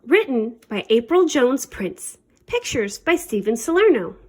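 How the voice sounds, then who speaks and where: A woman's voice: a little high, big pitch swings, a little slow, a little mellow, husky. A woman librarian reading a children's picture book aloud, with playful pirate talk. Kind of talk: storybook read-aloud.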